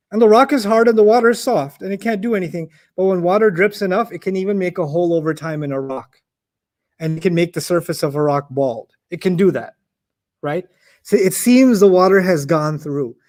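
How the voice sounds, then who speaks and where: A middle-aged man giving a conversational Quran lesson, animated and often checking in with his listeners. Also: high voice. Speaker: Quran teacher.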